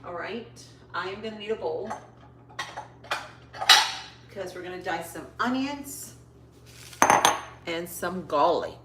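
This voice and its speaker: A chatty woman talks to her live viewers while she cooks, her voice on the lower side. She sounds upbeat and easygoing. The recording picks up an echoey kitchen with faint background noise. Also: lively intonation, slow pace, pauses often. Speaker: cooking livestream host. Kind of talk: casual cooking chat to live viewers. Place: home kitchen.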